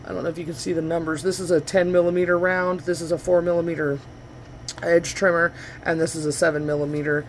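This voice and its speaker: A woman's voice: fairly low pitch, flat delivery, fast, a little hiss or hum. A woman vlogger chatting her way through a crafting demo in her home studio, rambling and correcting herself as she goes, picked up by the camera's own microphone.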